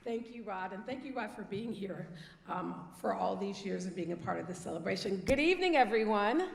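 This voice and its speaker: A woman's voice: mid-range voice, expressive, brisk, gravelly, background noise. A woman mayor addresses an awards crowd in an earnest, rallying tone and calls out to the audience to get them going. Her voice rings through a large theater with long reverb. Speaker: mayor giving a welcome speech. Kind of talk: public speech at an awards ceremony.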